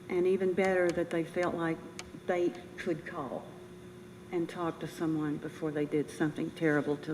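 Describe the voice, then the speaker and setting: An older woman giving a personal memorial speech as a bereaved military mother, earnest, halting and emotional. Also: fairly low pitch, a little mellow. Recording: reverberant room with faint noise.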